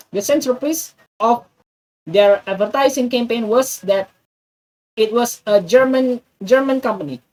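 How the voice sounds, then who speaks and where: A woman's voice: a little high, far from the mic, poor audio. A woman with an Indonesian accent reading an English text aloud for practice, stumbling and restarting often. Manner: halting, many restarts and stumbles on words.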